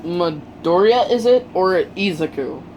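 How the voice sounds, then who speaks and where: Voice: medium pitch, expressive, measured pace, darkish tone, a little hiss or hum, natural voice, low-quality recording. A storyteller voicing a curt, tired adult male teacher giving orders.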